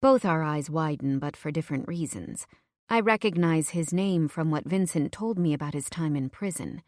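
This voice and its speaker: A woman reading a first-person audiobook in a measured, low-key way. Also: a little mellow, no room sound, studio quality. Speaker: audiobook narrator.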